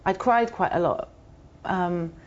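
A woman being interviewed, telling a personal story in an earnest, halting way with many restarts. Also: lowish voice, slight background noise. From United Kingdom. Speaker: interview guest. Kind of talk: reflective personal account. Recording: muffled, dull audio.

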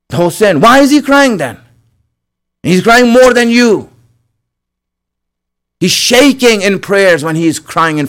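Guy preaching a sermon, earnest, keeps saying my friends, kinda higher voice. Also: a bit bright. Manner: earnest, repeats phrases for emphasis, addresses listeners as my friends. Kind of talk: religious sermon.

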